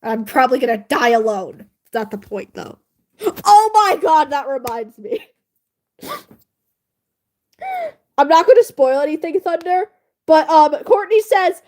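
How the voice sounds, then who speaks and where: Woman streamer, high voice, swings all over the place; excitable, curses freely. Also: a little slow, pauses often. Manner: excitable, swearing, shrieks when worked up. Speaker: livestreamer. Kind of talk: casual livestream chat with viewers.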